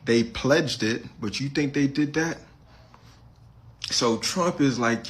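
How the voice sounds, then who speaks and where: A man's voice: medium pitch, slow, pauses often. A man ranting casually to his social media viewers in slang, talking straight at them. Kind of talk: casual slangy video rant.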